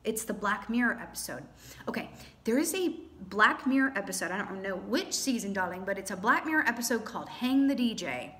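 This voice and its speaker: Lively chatty woman reading tarot. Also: medium pitch, brisk. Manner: chatty, animated, with playful exclamations. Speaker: tarot reader. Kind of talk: casual tarot reading monologue.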